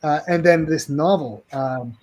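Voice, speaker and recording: A man's voice: a little high, unhurried, darkish tone, slight background noise. A man, a game publisher guest, talking casually on a video call, friendly and rambling with frequent restarts.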